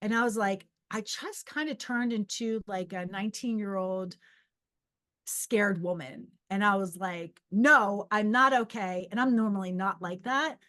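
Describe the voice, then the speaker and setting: A woman's voice: medium pitch, unhurried. A middle-aged woman who hosts a podcast as a psychic medium, telling a personal story in a casual, rambling way. She restarts sentences often and acts out her own inner voice.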